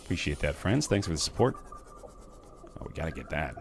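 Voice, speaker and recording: A man's voice: rumbling low, big pitch swings, a little fast, background noise. A man streaming a video game live, chatting casually and rambling between remarks on the game. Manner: chatty, rambling, jumps to loud yelps when startled.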